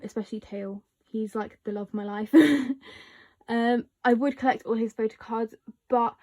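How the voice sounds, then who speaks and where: A young woman vlogger chatting casually as she shows her collection, often laughing and filling pauses with um and like. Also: fairly high pitch, a little mellow.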